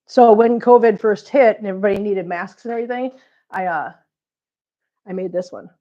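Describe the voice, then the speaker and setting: A woman's voice: medium pitch, brisk, lo-fi sound. A middle-aged woman, sick and coughing, chatting casually and rambling with viewers on her live stream. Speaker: vlog host reading live chat.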